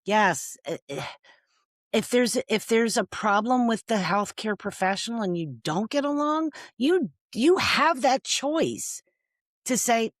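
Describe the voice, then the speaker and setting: A woman's voice: a little high, expressive, slow, dry recording, studio quality. A woman founder speaking as an interview guest, earnest and emotional, often laughing and adding "okay?". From United States.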